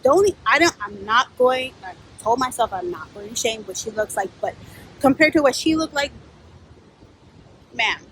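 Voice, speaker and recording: A young woman with a fairly high voice tells her own story frankly and with plenty of swearing. She jumps into the voices of the people she quotes, with a thin hiss of noise underneath. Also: normal speed, rough recording. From New York. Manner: blunt, profane, animated, acts out quoted voices. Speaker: spiritual life coach. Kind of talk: candid personal storytelling.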